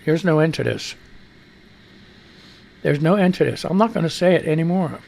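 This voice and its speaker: A man's voice: fairly high pitch, animated, moderate pace, vocal fry, a little mellow. A middle-aged American man hosting a live radio news show, rambling and profane, talking back to himself as he reads the news. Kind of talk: casual live-stream news commentary.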